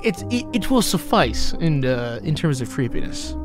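A young man hosts a comedic reaction show, tossing out sarcastic, swear-laden commentary. His voice sits a little high and leaps all over the place. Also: moderate pace, over music. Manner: animated, sarcastic, swears freely. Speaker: host reacting to videos.

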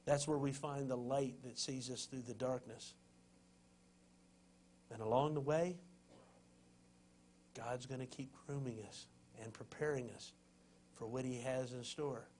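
A man preaching a sermon as pastor, in an impassioned, folksy way that swings between loud urging and hushed tenderness. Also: medium pitch, steady tone, measured pace, long pauses, a little hiss or hum.

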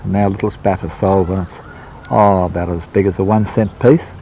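A man's voice: low-pitched, fairly even intonation, normal speed, vocal fry, dark tone, a little hiss or hum. A man, an oyster grower, answering interview questions in a confident, matter-of-fact way. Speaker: oyster grower and seafood restaurant owner.

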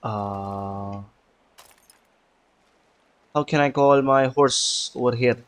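A gaming video creator talks in a mid-range voice at a very slow pace. His gameplay commentary is casual and chatty, full of muttering to himself and frequent swearing, and he puts on an accent for fun.

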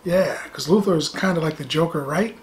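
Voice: mid-range voice, brisk. A middle-aged movie reviewer talking casually and animatedly, with sarcastic asides and phrases repeated for effect.

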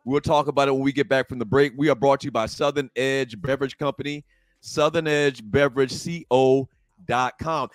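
A man's voice: mid-range voice, steady tone, a little fast, no room sound. A man co-hosting a casual talk show from a bar, joking and reading sponsor promos and chat messages. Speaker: co-host.

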